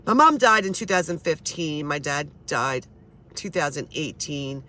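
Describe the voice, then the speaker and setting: Chatty, foul-mouthed woman storyteller with a bright, forceful tone. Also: low voice, expressive, a little slow, slight background noise. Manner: blunt, swears freely, chatty. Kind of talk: casual storytelling.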